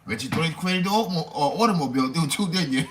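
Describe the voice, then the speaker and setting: A man's voice: fairly high pitch, pushed and bright, a little hiss or hum. A man, delivering a profane, preachy rant full of rhetorical questions. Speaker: commentator. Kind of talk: ranting monologue.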